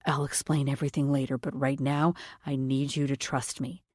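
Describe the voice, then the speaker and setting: A commanding, protective mafia man, put on by a woman narrator issues short, clipped orders in a deep, hushed voice. The audiobook voice sits very low, and the read is close and dry with no room sound. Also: little pitch movement, moderate pace, no echo. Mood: urgent commanding.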